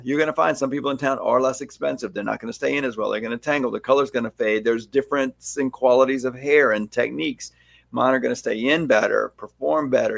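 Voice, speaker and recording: His voice is medium-pitched and gravelly as this salon owner and stylist educator tells animated, emphatic stories during a casual podcast chat with a fellow stylist. There's no room sound.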